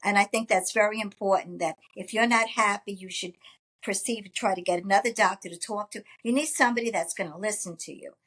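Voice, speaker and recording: A woman's voice: mid-range voice, fairly quick. Agreeable woman in casual chat. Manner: agreeable, gives steady backing replies. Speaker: podcast co-host.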